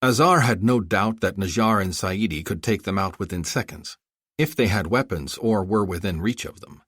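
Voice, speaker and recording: Low-voiced man narrating an audiobook. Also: moderate pace, fairly bright tone, husky, dry recording, studio quality. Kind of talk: scripted narration.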